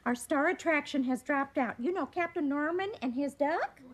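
An actress playing a chatty, self-admiring neighbor in a 1980s sitcom, gushing and bragging. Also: female voice, high voice, moderate pace, lightly acted. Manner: gushing, bragging, talks over others. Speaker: sitcom character. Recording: noisy old TV recording.

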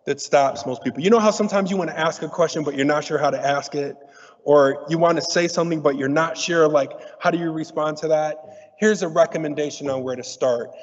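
Middle-aged male speaker, fairly high voice, playful and conversational, muffled recording with a long hall echo. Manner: lively, conversational, teasing. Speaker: diversity speaker. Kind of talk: conference talk to an audience. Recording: muffled audio in a reverberant hall.

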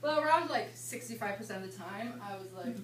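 A young woman in her twenties, a campus ministry intern, leading an informal seminar with chatty, animated storytelling. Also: mid-range voice, fairly quick. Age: 20s. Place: indoor meeting room at a retreat. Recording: echoey room, mic far off, background hum.

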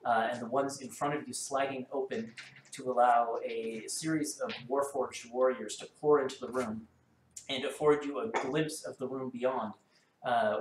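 A man hosting a tabletop game stream as dungeon master, talking quickly with lots of ums and uhs. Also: mid-range voice. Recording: roomy sound with clear background noise.

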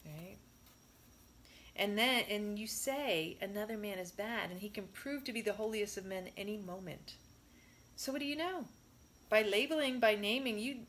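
A woman reading a spiritual discourse aloud in a measured way, stressing her rhetorical questions. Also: mid-range voice, fairly bright tone, a little hiss or hum.

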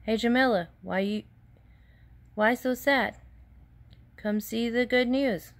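A woman voicing a cheerful male photographer in a children's storybook, with a bright exclaiming delivery. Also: medium pitch, measured pace, vocal fry.

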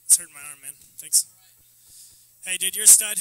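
A young man hosting a talent show on stage, joking loudly and breaking into banter with his co-host. His voice sits high and sounds very bright and sharp. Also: moderate pace, pauses often, low-quality recording. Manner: loud, joking, interrupting banter. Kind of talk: live stage comedy hosting.

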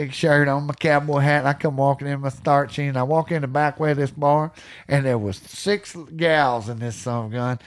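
Lively Texan man telling stories. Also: a little high. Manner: animated, laughs often, folksy country slang. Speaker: podcast guest, hunting storyteller. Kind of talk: casual storytelling.

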